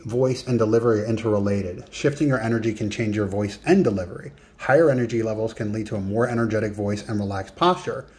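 This man's lowish voice is a little mellow as he runs a recorded coaching lesson, speaking plainly to the listener and setting writing tasks.

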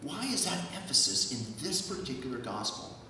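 A man's voice: mid-range voice, sing-song, normal speed, bright, forceful tone, slight background noise. A man preaching a sermon as pastor, asking rhetorical questions and repeating key words for emphasis. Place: church sanctuary. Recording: echoey church hall, from far off.

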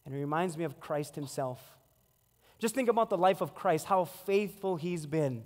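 Pastor, 40s, storytelling sermon, high pitch, reverberant sanctuary. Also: male voice, moderate pace. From Hawaii. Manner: storytelling, animated acted-out quotes. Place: church sanctuary. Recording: long hall reverb.

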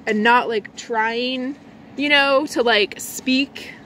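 A woman rambles through a casual vlog, filling her talk with likes and restarts. Her voice sits a little high but drops into a low, lazy register before jumping back up. Faint outdoor noise hums behind her. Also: slow pace. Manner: swings between a low lazy voice and a bright high one. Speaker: vlogger.

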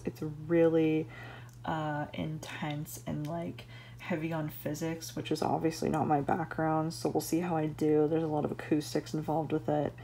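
A young woman from the United States, a university student, vlogs casually from her room at home and a campus lab, sprinkling "like" throughout. She speaks in a low, warm voice, and there's slight background noise.

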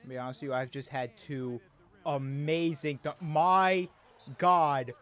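A man's voice: medium pitch, fairly even intonation, normal speed, darkish tone. A man giving casual gameplay commentary while playing a basketball video game, often exasperated and complaining aloud at the game.

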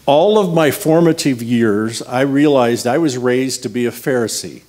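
A man's voice: mid-range voice, normal speed, a little mellow. A man preaching a conversational sermon as a guest speaker, telling personal stories with a humorous, anecdotal manner. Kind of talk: storytelling sermon.

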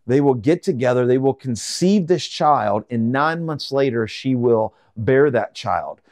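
Verse by verse, a man teaches a Bible chapter, reading slowly and explaining in a relaxed style full of fillers and restarts. His mid-range voice is animated with a darkish tone, and there's no echo.

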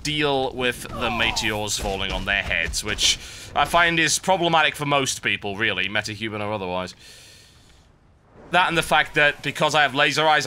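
A man giving sardonic, animated commentary over a video game he is playing. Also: mid-range voice, a little hiss or hum. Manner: sardonic, animated, wry complaints. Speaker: gameplay commentator. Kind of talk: let's-play commentary.

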